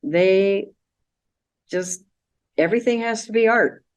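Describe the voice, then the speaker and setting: A woman's voice: medium pitch, slow, smooth. A middle-aged woman casually presenting travel slides, chatty and a bit meandering, with fillers and trailing sentences. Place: library community room.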